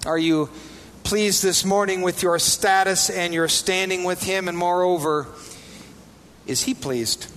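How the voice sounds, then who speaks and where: Brief: male pastor, high voice, questioning sermon delivery, long hall reverb. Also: a little slow, fairly bright tone. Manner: asks the congregation rhetorical questions. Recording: reverberant hall, faint background noise.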